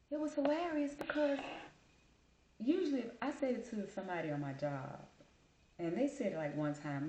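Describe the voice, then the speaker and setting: A woman telling a casual story in a lively, colloquial way, calling people honey and baby. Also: on the low side, echoey room, poor audio. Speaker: vlogger.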